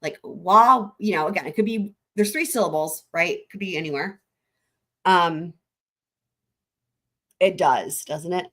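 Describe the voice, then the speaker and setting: A woman's voice: on the low side, measured pace, long pauses. Rambling, swearing woman livestreamer. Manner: rambling, profane, thinking aloud with frequent "like" and restarts. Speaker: livestream host. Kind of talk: casual live commentary over maps.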